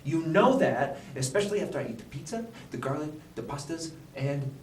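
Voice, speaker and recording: Defensive comedy host in an echoey room. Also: male voice, on the high side, expressive. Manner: mock-formal, defensive, quick to protest. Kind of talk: improvised comedy banter. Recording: echoey room, distant mic, faint noise.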